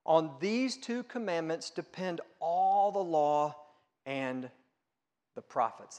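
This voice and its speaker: A man's voice: fairly high pitch, slow, a little mellow, big-room sound. A man pastor delivering a sermon, earnest and conversational, asking rhetorical questions.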